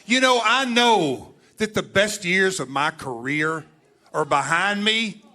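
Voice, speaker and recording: A man's voice: sits high, expressive, slow, pushed and bright. A middle-aged man delivering a wrestling promo in a large arena on a handheld mic, answering his rival with firm, scolding retorts. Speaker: veteran pro wrestler.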